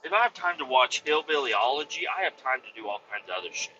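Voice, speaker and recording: A man's voice: mid-range voice, very animated, fast, sharp tone, slight background noise. A man hosting a comedy podcast, rambling through a crude, profane monologue. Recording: slightly muffled lo-fi recording.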